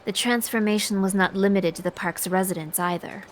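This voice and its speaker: A woman reading a visual novel aloud as the narrator, telling it in a steady, expressive way. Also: mid-range voice, brisk, a little hiss or hum. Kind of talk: dramatic narration read aloud.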